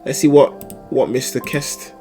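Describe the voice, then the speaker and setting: A young man streaming live, chatting casually and animatedly, with sudden loud outbursts and laughter between mumbled asides. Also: mid-range voice, little pitch movement, a little slow, faint music behind. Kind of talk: casual livestream chat.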